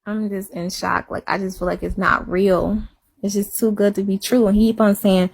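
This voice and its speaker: A young woman, chatting casually on a live stream, rambling and repeating herself, dipping to a hush and then rising into giggly high exclamations. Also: level tone, moderate pace, gravelly, slightly rough. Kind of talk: casual confessional chat. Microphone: phone.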